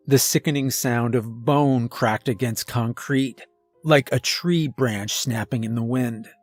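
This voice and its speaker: Man, first-person horror storyteller, very slow and deliberate, dry close voice. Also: medium pitch, no echo, soft background music. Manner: slow and measured. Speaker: narrator. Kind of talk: scripted horror narration.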